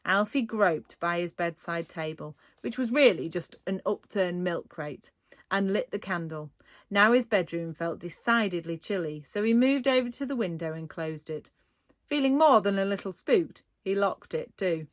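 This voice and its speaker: Expressive woman reading a storybook. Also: lowish voice, normal speed, no room sound, clean studio sound. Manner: expressive, dramatic read-aloud with playful asides. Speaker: narrator.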